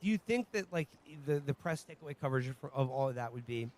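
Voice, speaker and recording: A man hosting a casual political chat, halting and restarting his sentences and laughing often. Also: mid-range voice, expressive, a little mellow, slight background noise. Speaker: podcast host.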